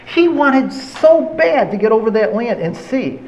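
Animated high-voiced male preacher. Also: measured pace, few pauses, a little hiss or hum, low-quality recording. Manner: animated storytelling, conversational. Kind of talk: sermon.

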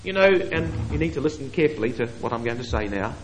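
A man preaching a sermon, moving between quiet asides and emphatic, drawn-out scripture quotations. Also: mid-range voice, slight background noise, poor audio. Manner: expressive, swings between hushed asides and emphatic quoting.

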